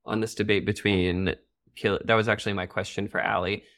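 A podcast co-host in casual chat, wry and joking, quick to agree. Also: low-pitched, level tone, a bit bright.

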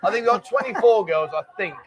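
A man with a London accent co-hosts a casual live chat show, reading out viewer comments with jokey banter. His voice sits high for a man and the words tumble out fast. He sounds a little rough from a hangover. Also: lively intonation, a crowd in the background. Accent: London English. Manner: jokey banter, quick and chatty. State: hungover. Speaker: co-host of a livestream.

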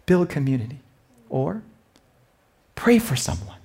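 Husky-voiced male pastor preaching. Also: a little high, unhurried. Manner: storytelling, lively and warm-hearted delivery. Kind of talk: sermon.

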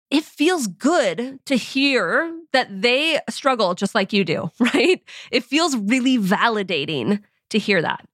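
A woman's voice: mid-range voice, no echo. Woman podcast host, thirties, conversational, frequent light laughs, dry close mic. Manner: conversational, with filler words like "you know" and frequent soft laughs. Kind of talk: casual podcast monologue.

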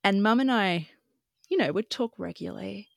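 A woman's voice: mid-range voice, animated, normal speed, creaky, dry recording, studio quality. Frank, emotional woman. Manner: emotional, frank, swears casually. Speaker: podcast guest. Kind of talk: candid personal storytelling.

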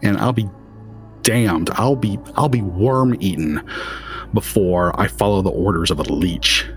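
A man's voice: low-pitched, unhurried, soft background music. A man voicing an angry, hulking male werewolf pack alpha, growling and threatening. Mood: contemptuous.

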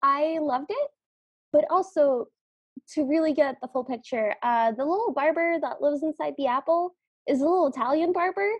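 High-voiced woman co-hosting a podcast. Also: normal speed, no room sound. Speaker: podcast co-host. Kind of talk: casual recap chat.

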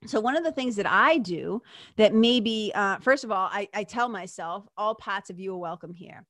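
A woman's voice: medium pitch, animated, normal speed, a bit bright, dry recording, clean studio sound. A woman hosting a podcast as a spiritual teacher, talking earnestly and conversationally with many fillers and asides, and swearing now and then. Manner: frank, with occasional swearing. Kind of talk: reflective monologue.

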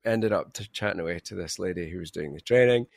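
A male interview host with a low, gravelly voice tells rambling, anecdotal stories. The sound is close and dry. He speaks in a loose, casual chat style. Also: quick pace, dry recording. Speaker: podcast host.

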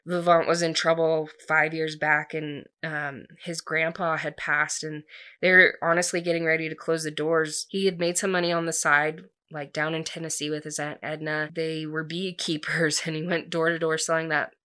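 Chatty woman with a slightly low voice, casual plot recap, loose and conversational. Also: flat delivery, normal speed, pushed and bright. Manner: chatty, heavy use of "like", acts out quoted lines.

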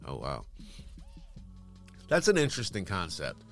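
A sarcastic man reads out headlines and tosses off dismissive asides between them. His voice sits very low but swings widely in pitch. Faint music plays underneath. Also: wildly swooping pitch, unhurried, vocal fry. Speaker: news commentary host. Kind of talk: casual news commentary, reading headlines aloud.

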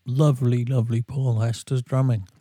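A man's voice: mid-range voice, flat delivery, normal speed, dark tone, slightly rough, no echo, clean studio sound. A tired man, a singer and regular guest, telling rambling self-deprecating stories in casual podcast chat. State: tired from a sleepless night.

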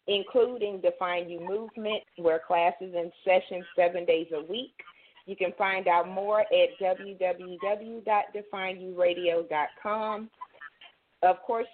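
Southern woman hosting a phone-in radio show. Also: on the low side. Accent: Southern American. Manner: chatty, laughs off technical trouble. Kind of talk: casual call-in radio hosting. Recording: tinny phone line with faint hiss.

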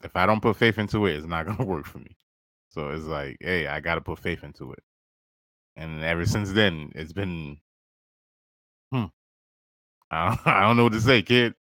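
A man's voice: sits low, moderate pace, long pauses, sharp tone, no echo. A man hosting a podcast, telling a personal story in casual, slangy talk, laughing often and calling the listener "bro". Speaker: podcast host.

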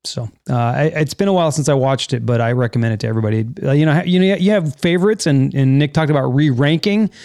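A man's voice: medium pitch, fast, hardly any pauses, a little mellow, dry recording, clean studio sound. A man hosting a podcast in casual chat, rambling and correcting himself with enthusiasm. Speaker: podcast host.

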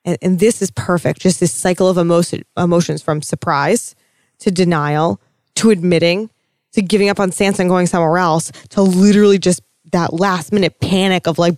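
Woman, co-host, casual recap chat, animated, swears, dry recording. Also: on the low side, fairly quick, dry recording. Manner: animated, gushing fan talk with swearing. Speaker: podcast co-host.

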